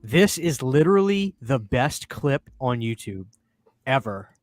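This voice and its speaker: A man hosting a casual podcast chat, telling animated stories, laughing often and swearing casually. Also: mid-range voice, measured pace, no room sound, faint music behind. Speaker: podcast host.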